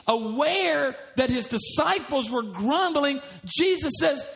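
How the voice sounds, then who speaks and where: A middle-aged pastor preaching a sermon, reading scripture aloud and building in fervor. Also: male voice, extremely high pitch, lively intonation, measured pace, vocal fry, few pauses, a bit bright.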